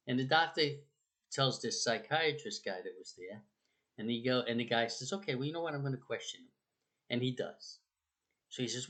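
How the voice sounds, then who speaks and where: A man's voice: expressive, brisk, fairly bright tone. Guy rambling through stories, lots of uh and restarts, voice jumps up for quotes. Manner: rambling, conversational, with many fillers and restarts; acts out quotes with raised pitch. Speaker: speaker on the afterlife. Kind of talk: casual storytelling talk.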